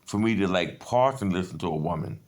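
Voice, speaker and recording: A man's voice: low-pitched, lively intonation, a little fast, a little mellow. A man in his fifties in a rambling personal monologue, agitated and profane, jumping between stories. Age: 50s. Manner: agitated, profane, digressive storytelling.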